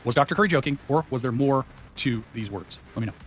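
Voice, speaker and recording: A man's voice: medium pitch, expressive, fast, a little hiss or hum. A man giving casual commentary on a video clip, posing questions to viewers.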